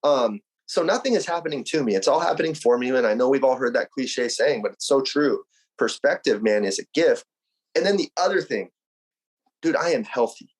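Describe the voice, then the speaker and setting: A man's voice: medium pitch, lively intonation, brisk, breathy edge, poor audio. A man from Arizona, a podcast guest, talking in an emphatic, slangy and upbeat motivational way. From Arizona, USA. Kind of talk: casual conversational interview.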